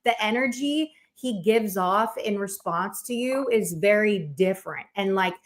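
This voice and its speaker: A woman's voice: mid-range voice, a little slow. A woman chatting casually on a livestream, rambling with lots of fillers and bursts of laughter.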